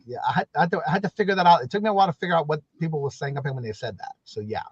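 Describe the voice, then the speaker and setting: Fast-talking male host asking questions, bit high, dry muffled sound. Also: animated, husky, no echo. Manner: asks questions, friendly interviewer. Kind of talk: casual chat.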